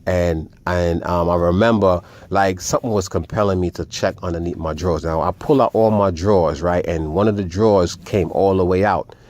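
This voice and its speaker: A man with a low voice tells a personal story to his viewers. He talks in an animated, profane way and keeps addressing them as "family.". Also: moderate pace, hardly any pauses, no echo. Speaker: vlogger.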